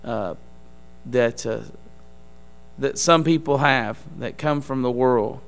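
A man giving an earnest testimony in a church service, speaking in a halting, emphatic preaching style. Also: a little high, sharp tone, clear, resonant tone.

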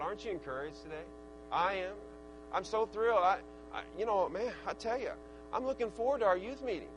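A man preaching a sermon, with a rhythmic preaching cadence that swells into excited shouts. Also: high voice, a little fast, over music, rough recording. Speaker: pastor.

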